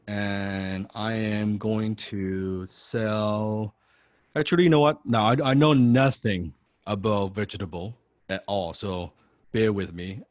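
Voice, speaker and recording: A man's voice: fairly low pitch, darkish tone, no room sound, muffled recording. A man coaching a sales team on a video call. He talks casually, often correcting himself as he explains. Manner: chatty, self-correcting, explanatory. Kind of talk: sales training role-play.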